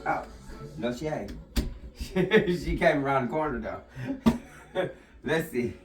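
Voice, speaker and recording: A woman's voice: very deep voice, lively intonation, takes it slowly, over music. A woman talking casually to her camera, emphatic and repetitive, now and then breaking off to talk to her puppy. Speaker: vlogger.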